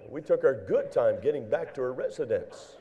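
Older man preaching, dark warm voice. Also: medium pitch, moderate pace, highs cut off. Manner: folksy, animated storytelling with fillers and acted dialogue. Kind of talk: sermon with storytelling.

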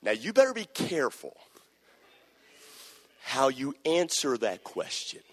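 A male pastor preaching a sermon, swinging from soft confiding talk to loud shouted preaching. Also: mid-range voice, big pitch swings, measured pace, husky. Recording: live church sermon in a reverberant hall.

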